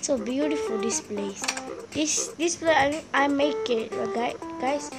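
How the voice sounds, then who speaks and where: A woman hosting a gaming video, commenting in a halting, simple way, easily spooked and often calling out to her viewers. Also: high voice. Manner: halting, simple phrasing, often calls out to "guys". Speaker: gaming channel host. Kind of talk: let's-play commentary. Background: game music.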